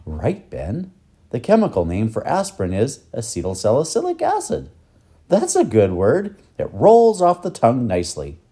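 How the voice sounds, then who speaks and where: A man voicing a kindly, learned old professor who explains things gently in a storybook reading. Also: mid-range voice, huge pitch swings, normal speed. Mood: teaching. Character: kindly older male professor, warm and learned.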